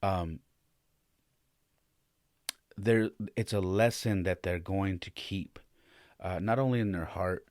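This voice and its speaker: Low-voiced man telling a personal story. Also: slow, pauses often, darkish tone, no echo, studio quality. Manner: loose and conversational, many fillers and restarts. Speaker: podcast host and father.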